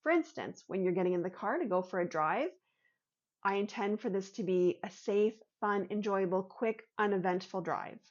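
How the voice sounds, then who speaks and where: A woman's voice: medium pitch, moderate pace, muffled recording. A woman vlogger telling a personal story and explaining an idea in an earnest way, acting out her own inner thoughts as she goes.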